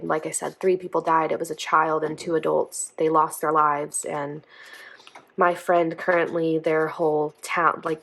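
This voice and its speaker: A woman's voice: low-pitched, vocal fry. A woman talking in a rambling, earnest way while she sets up her planner at home, using lots of fillers. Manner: rambling and chatty, heavy on "um" and "like"; earnest, emotional and apologetic. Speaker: planner vlogger. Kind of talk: casual chat while decorating a planner.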